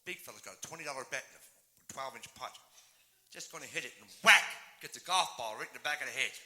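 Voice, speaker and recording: Bright-voiced man telling stand-up jokes. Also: medium pitch, fast talker. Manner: laughs at his own punchlines. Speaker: comedian. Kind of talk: stand-up comedy. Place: live stage show.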